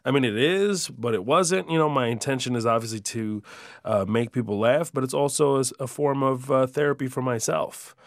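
A male stand-up comedian answering interview questions in a halting way, with many fillers and restarts, rising in pitch when he gets excited. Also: creaky, no room sound, studio quality.

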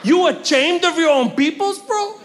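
A man's voice: very high voice, animated, very slow, echoey room, pitched above the performer's own voice, heavily acted. A comedian doing a brash, heckling street guy. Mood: taunting. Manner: loud, taunting, peppered with "bro". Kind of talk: stand-up act-out. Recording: live stand-up set with audience noise.

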